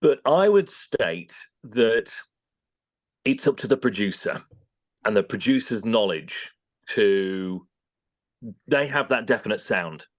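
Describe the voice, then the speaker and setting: Low-voiced British man, dry studio mic. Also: slow, long pauses, dry recording. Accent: British English. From England. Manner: animated, acts out studio exchanges in quoted voices. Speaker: voice-over artist guest. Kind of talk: casual interview chat.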